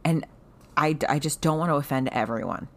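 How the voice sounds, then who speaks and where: A woman's voice: sits low, brisk. A woman co-hosting a book podcast in casual, chatty talk that rambles along. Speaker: podcast co-host. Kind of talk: casual chat.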